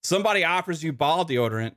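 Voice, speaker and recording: A man's voice: on the high side, lively intonation, fast talker, a bit bright. A man co-hosting a podcast, chatting in a loose, jokey, crude way. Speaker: podcast co-host. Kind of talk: casual podcast chat.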